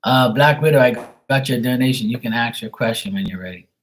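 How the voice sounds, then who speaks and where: A man's voice: mid-range voice, brisk, poor audio. A man hosting a live tarot stream, ranting at length in a casual, irritated and profane way while chatting with viewers. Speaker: livestream tarot reader. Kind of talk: casual livestream rant.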